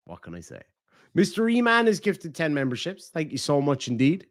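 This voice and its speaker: A man's voice: on the high side, fairly quick, no echo, studio quality. A man with an Irish accent hosting a casual livestream, reading donations and talking bluntly with lots of swearing. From Ireland. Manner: blunt and profane, animated swings in loudness. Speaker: livestream host.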